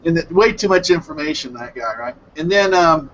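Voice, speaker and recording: Guy on a headset in a web hangout, bouncy lively voice, kinda muffled lo-fi audio w faint hiss, rambling recap full of restarts. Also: on the high side, brisk. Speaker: hangout host reviewing anime. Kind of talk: casual group hangout chat. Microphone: headset mic on a video call.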